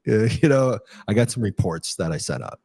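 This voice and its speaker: Man, middle-aged, very low voice, mellow tone, rambling with restarts, casual interview storytelling. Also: sing-song, moderate pace, breathy edge, no echo, studio quality. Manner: rambling, many fillers and restarts. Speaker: guest, retired Army captain.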